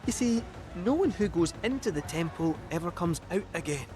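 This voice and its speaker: A cheeky male cat fortune teller from a video game, voiced by a man, with a lilt. His voice sits high and swoops up and down as he confides a warning. Game music plays clearly behind him. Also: expressive, moderate pace, close to an everyday voice. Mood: ominous.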